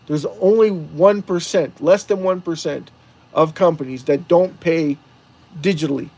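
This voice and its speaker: A man's voice: a little high, a little slow, a little mellow. Rambling male livestream host. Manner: rambling, asks chat rhetorical questions. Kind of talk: casual livestream talk to chat viewers.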